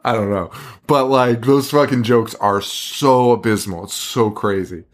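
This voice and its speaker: A man co-hosting a podcast in casual chat, excitable, swearing a lot and laughing often. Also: medium pitch, measured pace. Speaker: podcast co-host.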